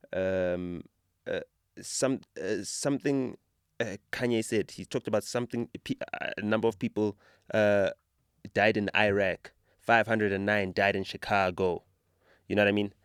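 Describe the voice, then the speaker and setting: A man's voice: deep voice, smooth, no echo, clean studio sound. A man with a South African accent hosting a podcast, talking with conviction and telling stories with rising animation. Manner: impassioned, builds to animated storytelling. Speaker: podcast host. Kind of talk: casual podcast conversation.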